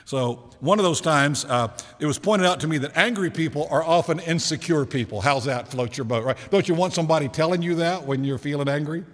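Man preaching in a reverberant hall. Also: on the high side. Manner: conversational preaching with rhetorical questions and slowed emphasis. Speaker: pastor. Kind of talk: sermon. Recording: long reverb of a large hall.

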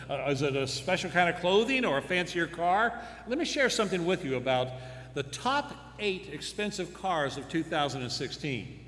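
A male pastor delivers a sermon in a bright, fairly high voice, mixing rhetorical questions with dry humorous asides. His words echo around a large hall with a long reverb tail. A faint hum sits underneath.

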